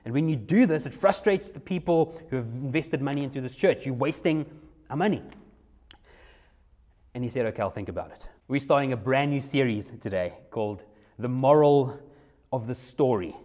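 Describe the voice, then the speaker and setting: A man's voice: medium pitch, moderate pace, dark tone. A young adult man, a youth pastor telling a personal story in a sermon, conversational and repeating phrases for emphasis.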